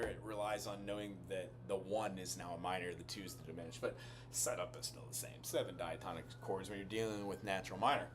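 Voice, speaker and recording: A man's voice: fairly low pitch, background noise. A man giving a casual music lesson, explaining chords and melody as he thinks aloud. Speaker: music teacher. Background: piano music.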